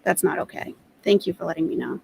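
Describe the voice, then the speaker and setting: A woman's voice: lowish voice, animated, quick pace, gravelly, a little hiss or hum, low-quality recording. A woman hosting a commentary stream, addressing her chat firmly and earnestly as she sets rules for viewers. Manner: firm, earnest, moderating. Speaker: commentary channel host.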